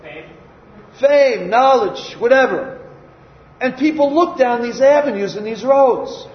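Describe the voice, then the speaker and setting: High-voiced folksy preacher in an echoey hall. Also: male voice, animated, slow. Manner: folksy and conversational, asks the congregation questions. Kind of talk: sermon. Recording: echoey room, slightly dull sound.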